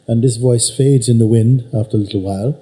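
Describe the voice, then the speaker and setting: A man teaching at a spiritual gathering, unhurried and emphatic, probing his listener with repeated questions. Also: medium pitch, fairly even intonation, mellow, poor audio. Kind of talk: satsang teaching talk. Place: teaching hall with an audience.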